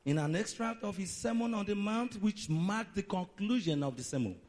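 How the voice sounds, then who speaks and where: Male preacher, high register, lively and emphatic delivery. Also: normal speed. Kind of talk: sermon.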